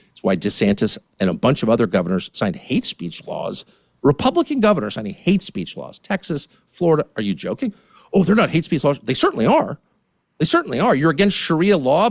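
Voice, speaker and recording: A man in his fifties giving a heated, indignant political rant as a studio guest, swinging between muttered asides and near-shouts. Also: mid-range voice, no echo. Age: 50s. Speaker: guest commentator.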